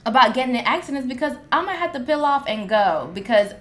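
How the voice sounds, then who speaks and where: A woman's voice: high-pitched, expressive, fast, fairly bright tone. A woman co-hosting a podcast, telling stories in a casual, chatty way with lots of filler words. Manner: laid-back storytelling, lots of "like" and "um". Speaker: podcast co-host. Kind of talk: casual chat.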